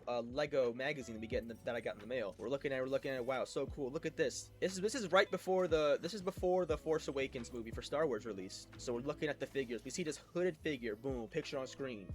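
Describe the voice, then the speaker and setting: A young man telling childhood stories in a casual storytime, rambling and excitable with lots of fillers and restarts. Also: mid-range voice.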